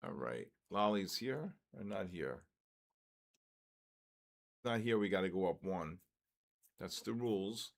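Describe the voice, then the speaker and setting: A man hosting a trading live stream, calling out giveaway winners in a drawn-out, repetitive way. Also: low-pitched, expressive, gravelly.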